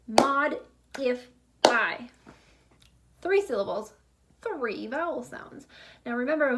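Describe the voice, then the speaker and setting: A young woman teaching a remote lesson to young schoolchildren, speaking slowly and clearly with a drawn-out teacher delivery. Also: sits high. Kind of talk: remote class video lesson.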